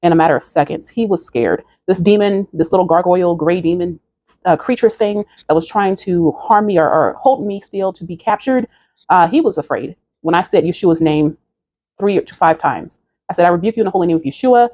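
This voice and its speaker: A video creator with a warm, lowish voice speaks at a moderate pace, with no echo. She earnestly describes a dream and preaches to her spiritual vlog audience, exhorting them toward faith.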